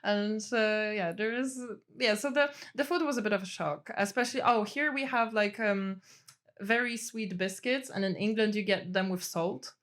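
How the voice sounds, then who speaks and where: A woman's voice: mid-range voice, normal speed, a bit bright. A woman in her twenties, a native Polish speaker, chatting casually as a guest and leaning on "like" and "you know". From Poland. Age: 20s. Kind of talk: casual conversation.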